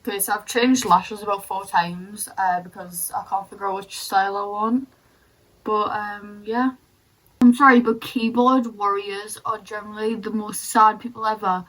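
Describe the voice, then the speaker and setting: A woman's voice: mid-range voice, fairly even intonation, normal speed, fairly bright tone, poor audio. A young woman vlogger ranting bluntly and sarcastically while doing her makeup in casual chat. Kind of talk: get-ready-with-me ranting chat.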